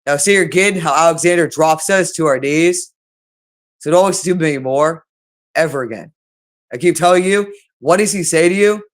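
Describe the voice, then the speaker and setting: A woman's voice: low-pitched, moderate pace. A woman hosting her own channel, ranting unscripted to camera in an agitated, repetitive way with heavy swearing. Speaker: channel host.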